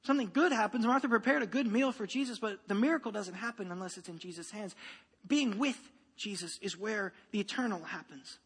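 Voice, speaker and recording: A man's voice: high voice, fairly quick, a bit bright, husky. A man in his thirties preaching a sermon, conversational, often checking in with "right?" and restarting his phrases. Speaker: pastor. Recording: long hall reverb.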